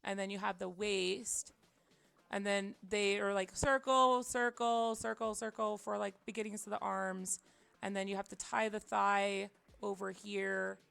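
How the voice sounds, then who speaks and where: A woman livestreamer chatting casually while she draws, rambling and self-deprecating, often dropping to quiet mutters. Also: medium pitch, vocal fry, dry recording. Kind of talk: casual chat while drawing on stream.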